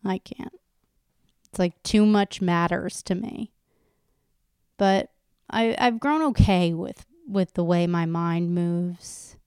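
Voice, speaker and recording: A woman's voice: lowish voice, takes it slowly, long pauses, a little mellow, clean tone, no room sound, studio quality. A woman talking to her viewers in a candid, rambling monologue, going off on tangents and swearing casually.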